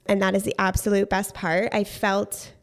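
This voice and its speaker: A woman's voice: medium pitch, level tone, moderate pace, noisy background. A young woman co-hosting a podcast while pregnant, talking in a candid, casual way. She gets a little out of breath as she goes and drops the odd swear word. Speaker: podcast co-host.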